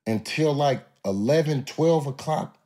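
A man's voice: fairly high pitch, a little slow, dark tone. A man as a podcast guest telling stories in a laid-back, drawling, profane way, often acting out what others said. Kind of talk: casual interview storytelling.

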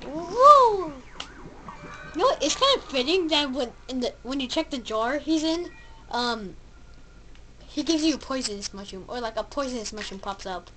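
A woman giving casual gameplay commentary, excitable, yelping at the game and babbling silly sound effects. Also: sits high, a little hiss or hum, poor audio. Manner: excitable, yelps and shouts at the game. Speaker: let's play gamer.

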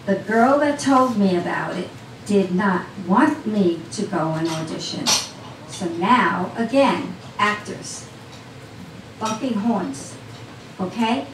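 A woman's voice: mid-range voice, lively intonation, takes it slowly, background noise. Storyteller woman, chatty with the crowd, heard from far off in an echoey cafe with faint chatter. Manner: chatty, talks straight to the audience. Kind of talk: personal storytelling to a live audience. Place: small cafe event. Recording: roomy sound from a distant mic.

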